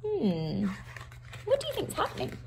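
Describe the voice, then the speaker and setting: A woman reads a children's picture book aloud, with a high, sing-song voice that swoops widely. She takes her time and stops to ask the children questions, stressing words with expression. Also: unhurried, slight background noise. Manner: interactive, asks the listeners questions; expressive, emphatic. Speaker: storyteller reading to children.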